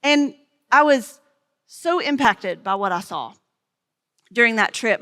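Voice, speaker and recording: A woman's voice: sits high, fairly bright tone. A woman pastor, telling stories in a conversational sermon and talking with children. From Smoky Mountains, USA. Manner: storytelling, conversational, talks with children.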